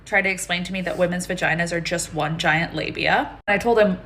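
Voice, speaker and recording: A woman telling a personal story to camera in a loud, indignant way. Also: lowish voice, fairly quick.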